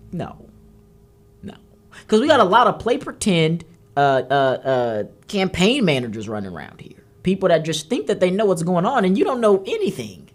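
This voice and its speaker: A woman hosting a political talk show, delivering heated commentary and scolding emphatically. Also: fairly low pitch. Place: studio.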